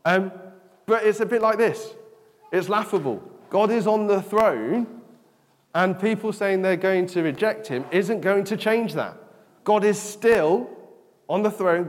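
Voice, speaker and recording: A man giving an interactive children's talk in church, chatty and often asking "okay?". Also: sits high. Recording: long echo of a large hall.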